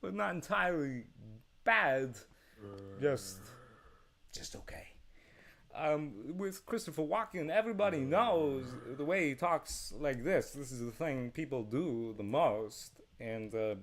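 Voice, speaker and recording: A man doing an impression of a famous actor, stressing every word and swooping from low gravel to sudden highs. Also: a little hiss or hum. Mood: wry. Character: impression of a famous male actor, odd emphatic cadence.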